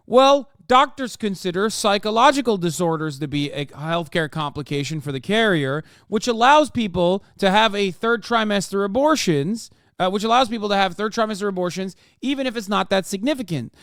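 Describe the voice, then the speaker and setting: A male streamer ranting at his chat during a live reaction stream, profane and combative, often yelling. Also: high-pitched, lively intonation, moderate pace, hardly any pauses, clean tone, no echo, clean studio sound.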